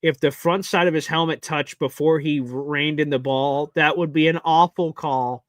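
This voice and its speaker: A man hosting a live sports watch party, giving emotional play-by-play that swings from nervous muttering to loud cheering. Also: a little high, fairly even intonation, moderate pace, dry recording.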